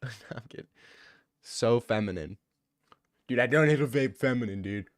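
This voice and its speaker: Smooth-voiced joking young man streamer. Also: mid-range voice, animated, moderate pace, dry recording. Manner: joking, teasing, bantering with chat. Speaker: streamer reading chat. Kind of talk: casual livestream chat.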